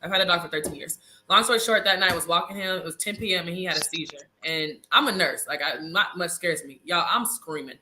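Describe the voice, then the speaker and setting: A woman in her thirties telling a dramatic story in a casual interview, animated and talking straight to viewers. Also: lowish voice, quick pace, few pauses, slight background noise. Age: 30s. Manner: animated, dramatic, addresses audience as y'all. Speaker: reality show cast member, guest; nurse.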